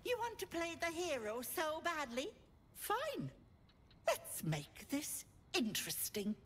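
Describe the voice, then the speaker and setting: A woman's voice: high voice, wildly swooping pitch, slow, a bit bright, heavily acted. A woman voicing a cruel, playful old hag in a video game, with a mocking, sing-song delivery.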